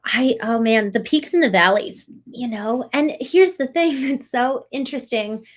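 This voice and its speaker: A woman's voice: a little high, measured pace, a little hiss or hum. A woman from Maryland hosting a live show, talking through chat comments in an effusive, reflective way with lots of fillers and restarts. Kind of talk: live-stream talk answering chat comments.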